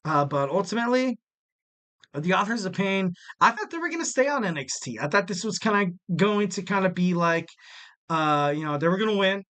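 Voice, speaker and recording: Young male podcast host, solo, casual chat, rambling with fillers, slightly higher voice. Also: animated, fairly quick, fairly bright tone. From West Coast of the United States. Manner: rambling, jokey, lots of fillers.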